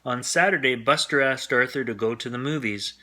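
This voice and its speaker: Man, bedtime storyteller, bright clear tone, gentle friendly read-aloud. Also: medium pitch, fairly quick.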